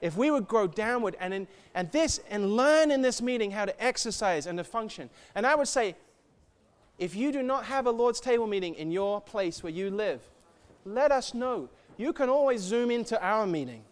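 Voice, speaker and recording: A man giving an animated sermon, swinging from soft to shouting and acting out quoted voices. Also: sits high, moderate pace, clear, resonant tone. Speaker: church speaker.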